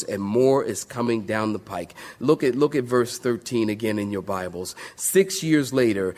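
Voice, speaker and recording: A man's voice: medium pitch, darkish tone. A male pastor preaching a sermon to a congregation, emphatic, calling out to the saints for responses.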